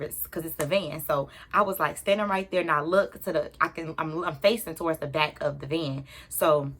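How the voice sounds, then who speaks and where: Young woman chatting a storytime to her viewers, animated, bright kinda low voice. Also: slight background noise. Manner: animated, talks straight to viewers. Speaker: YouTuber. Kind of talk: storytime vlog.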